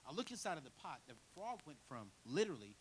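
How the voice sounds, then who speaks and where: A man preaching a storytelling sermon, acting out the voices of the people in his story and building to loud, fervent preaching. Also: a little high, big pitch swings, fast talker, a little hiss or hum.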